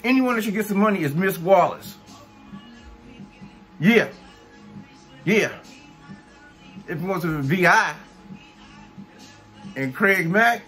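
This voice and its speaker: A man's voice: on the high side, a bit bright. A man vlogging a profane, blunt rant, scornful and heavy on cursing.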